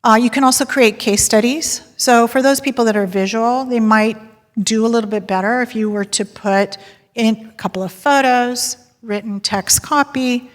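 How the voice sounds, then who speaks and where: A woman giving a sales talk to a live audience, telling stories and polling the crowd with a lively, laughing manner. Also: a little high, moderate pace. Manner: lively storyteller, polls the audience and laughs often. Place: large hall with audience. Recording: long hall reverb.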